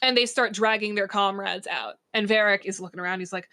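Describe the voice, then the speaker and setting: A woman's voice: mid-range voice, brisk. Laughing woman game master. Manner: laughs often, lively narration. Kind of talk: narrating a tabletop game.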